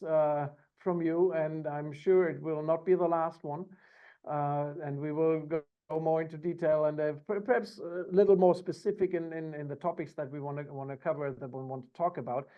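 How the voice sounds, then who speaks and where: A man hosting a round table over a video call, speaking haltingly with many fillers and restarts. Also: on the high side, fairly even intonation, phone-quality sound. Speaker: host.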